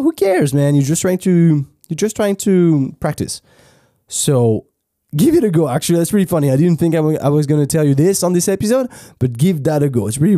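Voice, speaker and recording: Laid-back French-accented man, mellow. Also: mid-range voice, no room sound, studio quality. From France. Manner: laid-back, swears freely, frequent restarts. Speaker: podcast host. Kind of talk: casual advice monologue.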